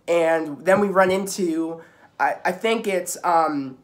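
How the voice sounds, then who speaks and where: A man's voice: a little high, slow pace. A young man giving a casual spoken recap of a TV episode, rambling with many restarts and filler words. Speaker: video reviewer.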